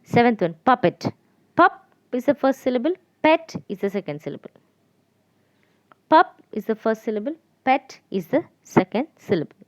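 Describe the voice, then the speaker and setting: A woman teacher giving a lesson to children, repeating and spelling out letters slowly. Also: fairly high pitch, sing-song, dry recording. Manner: slow, repetitive, spelling out letters.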